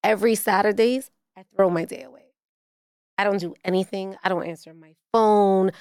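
A woman, hosting a casual interview, quick, emphatic and playful. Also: mid-range voice, fairly even intonation, a little mellow, smooth. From Puerto Rican, living in the Bronx. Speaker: podcast host.

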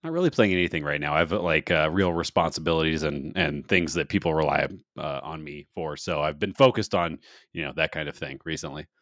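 A man co-hosting a casual podcast, teasing his partner with deadpan sarcasm. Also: very deep voice, fairly quick, dry recording, studio quality. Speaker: podcast co-host. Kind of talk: casual chat.

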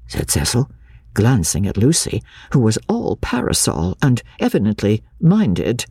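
A woman reading a classic novel aloud in a theatrical, expressive way. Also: very deep voice, unhurried, slightly rough, no room sound, clean studio sound. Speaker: radio reader. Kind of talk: dramatic literary reading.

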